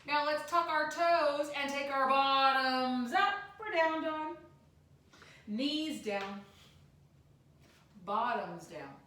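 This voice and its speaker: High bright lady leading kids yoga, echoey room, sounds far from the mic. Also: lively intonation, takes it slowly, pauses often. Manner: gentle, sing-song instructions. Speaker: kids' yoga teacher. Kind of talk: guided kids' yoga class.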